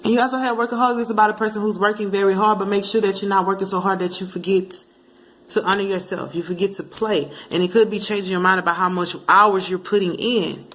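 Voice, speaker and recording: Playful, animated woman doing a tarot reading. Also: mid-range voice, quick pace, a little hiss or hum. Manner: animated, playful, breaks into song and acted asides. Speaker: tarot card reader. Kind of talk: casual tarot reading to camera.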